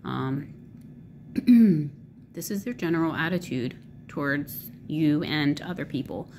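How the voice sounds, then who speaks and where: A woman with a low, gravelly voice speaks casually to her camera. She rambles, fills gaps with ums and likes, and swears freely. A faint hiss sits behind her. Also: lively intonation, takes it slowly, darkish tone. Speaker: vlogger.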